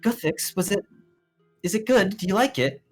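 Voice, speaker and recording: A man's voice: animated, normal speed, soft background music. A man voicing an eager seven-year-old boy showing off his first magic trick in a tabletop game. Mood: excited. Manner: breathless, eager, high-pitched. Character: excitable young boy wizard, about seven.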